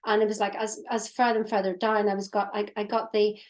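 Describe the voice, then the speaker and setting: A woman's voice: medium pitch, little pitch movement, quick pace. Woman in her 50s co-hosting a chat over a call, thoughtful, stops and restarts, mid voice. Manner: reflective, hesitant, with fillers and restarts. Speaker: co-host, mindset coach. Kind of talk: casual chat. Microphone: video call.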